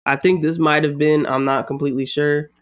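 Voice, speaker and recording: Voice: mid-range voice, flat delivery, a little fast. A podcast co-host in casual chat, emphatic, repeating points and swearing often.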